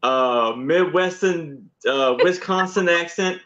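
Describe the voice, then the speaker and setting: Slow-talking, easygoing man. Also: on the high side, a bit bright. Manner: easygoing, laughs often. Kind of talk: casual live-stream chat. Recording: dull, muffled sound.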